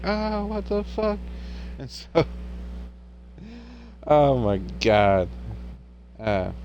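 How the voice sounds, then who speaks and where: Young male streamer, casual rambling storyteller, slow delivery with a faint hum in the background. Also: fairly low pitch, muffled recording. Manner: rambling, laid-back retelling.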